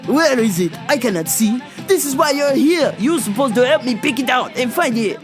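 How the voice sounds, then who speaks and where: A woman's voice: mid-range voice, expressive, moderate pace, music in the background, lightly acted. A woman voicing a rude, demanding man customer who speaks brusque broken English.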